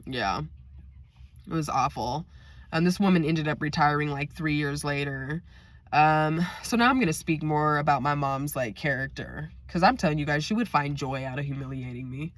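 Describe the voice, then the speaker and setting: A woman telling a personal story in a direct, animated, chatty way. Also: sits low, normal speed, dry recording. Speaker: vlogger. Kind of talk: casual storytime.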